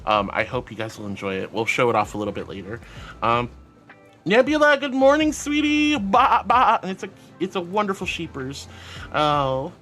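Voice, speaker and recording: A woman's voice: very deep voice, brisk, a bit bright, soft background music. A woman streamer chatting casually and affectionately with her viewers, calling them sweetie and honey, often giggling. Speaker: VTuber streamer. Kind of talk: casual livestream chat.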